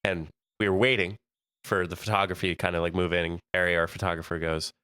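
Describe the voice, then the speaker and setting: A man's voice: sits low, fairly even intonation, fast talker, bright, forceful tone, clean tone, dry recording, studio quality. A young adult man co-hosting a podcast, chatting casually and laughing often between jokes. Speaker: podcast co-host. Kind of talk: casual chat.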